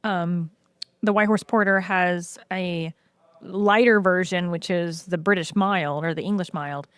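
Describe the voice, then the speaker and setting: A woman guest in casual podcast chat, telling lively stories with frequent "um"s. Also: on the low side, measured pace, dry recording. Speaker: podcast guest, brewery co-owner.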